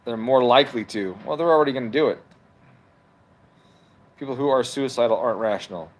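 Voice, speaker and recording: Here's a male host streaming live from home, speaking fairly quickly at medium pitch. He argues with the chat as he reads it aloud, cursing his way through an informal, heated rant.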